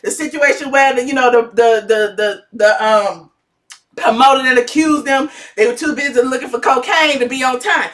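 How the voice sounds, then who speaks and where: A woman giving sassy, dramatic gossip commentary in a vlog, her voice swooping into high shouts. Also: moderate pace, distant mic. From Atlanta, USA. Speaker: gossip vlogger.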